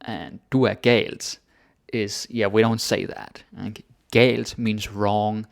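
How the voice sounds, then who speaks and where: A man teaching grammar in a relaxed, chatty way, thinking aloud with fillers. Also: fairly low pitch, slow, gravelly, no echo, clean studio sound. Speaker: Danish language teacher. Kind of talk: casual grammar lesson.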